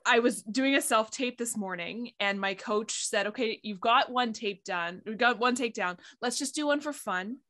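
A woman's voice: fairly high pitch, normal speed, hardly any pauses. A woman hosting an interview podcast, chatting casually and expressively about her own acting. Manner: lively, expressive, self-described performative. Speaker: podcast host, actor.

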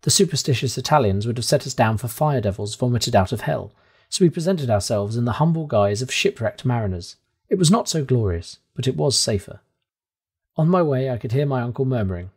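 A man narrating a classic adventure novel aloud, reading the first-person tale with dramatic, animated delivery and bright exclamations. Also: medium pitch, fairly quick, husky. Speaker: audiobook narrator. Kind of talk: expressive storybook reading.

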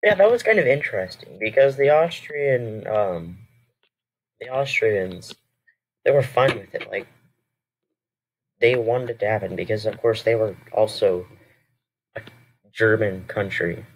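A man's voice: lowish voice, measured pace, long pauses, a little hiss or hum. Rambling man reacting with many ums. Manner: hesitant, rambling with many fillers and self-corrections. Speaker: reaction video host. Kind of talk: casual reaction commentary.

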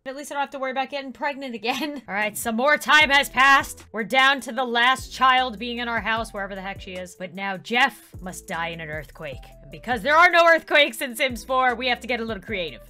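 A young woman giving playful commentary while she plays a life-sim game, swinging from loud mock outrage to low muttering. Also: lively intonation, a little fast, hardly any pauses, faint music behind. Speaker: gaming YouTuber.

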